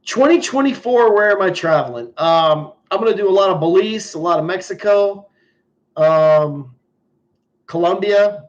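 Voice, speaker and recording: The speaker is a male livestream host from the United States whose storytelling is coarse and direct in a casual chat. His high-pitched voice is animated at a normal pace, heard through muffled audio.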